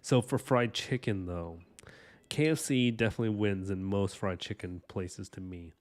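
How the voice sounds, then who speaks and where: Talking at an ordinary pace, a man with a voice on the low side chats casually with viewers on his art livestream. His enthusiastic rambling is packed with "like" and "you know."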